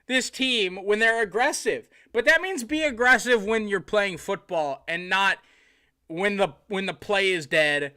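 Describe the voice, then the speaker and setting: A man with a high, bright, sharp voice calls a football game live on stream. He moves between quick play-by-play and exasperated, sarcastic rants at his own team's blunders. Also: smooth. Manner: exasperated ranting with bursts of sarcasm. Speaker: sports streamer.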